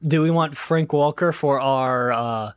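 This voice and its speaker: A man's voice: mid-range voice, a little slow, clear, resonant tone, no echo. A man co-hosting a casual podcast, teasing his partner in a wry, dry-humored way. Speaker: podcast co-host.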